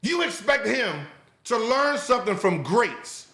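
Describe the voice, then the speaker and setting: A man rants in reaction commentary at a high, bright pitch, yelling with profanity and disbelief. His voice rings in a roomy, echoey studio. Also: sing-song, a little slow. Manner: loud, profane, incredulous shouting. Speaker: podcast host.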